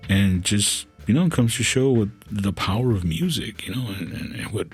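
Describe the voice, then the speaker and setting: A man hosting a podcast, telling stories in a casual and halting way with many fillers and restarts. His voice sometimes turns soft and emotional. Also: fairly low pitch, lively intonation, breathy edge, faint music behind. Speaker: podcast host. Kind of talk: casual storytelling.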